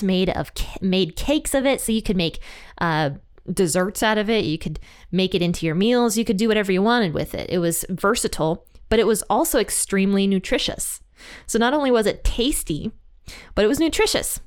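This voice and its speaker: A woman's voice: medium pitch, clear, resonant tone. Chatty, blunt woman retelling a Bible story. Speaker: podcast host teaching the Bible.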